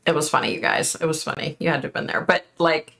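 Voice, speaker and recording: A woman's voice: sits low, fairly even intonation, fast, gravelly, a bit bright. A middle-aged woman from the United States, chatting casually on a live stream as a psychic host, laughing often and thanking viewers by name. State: overheated and sweating. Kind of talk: casual live-stream chat reading comments.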